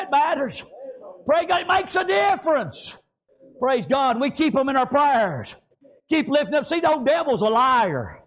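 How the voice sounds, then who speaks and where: High-pitched older man shouting a sermon. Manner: shouting preaching with frequent amens. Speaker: pastor.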